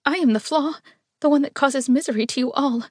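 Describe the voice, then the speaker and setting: A woman's voice: fairly high pitch, unhurried, darkish tone, no echo, clean studio sound. A woman putting on a trembling, passionate young woman. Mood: anguished. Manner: pleading, tremulous. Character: young woman, tender, passionate, easily frightened.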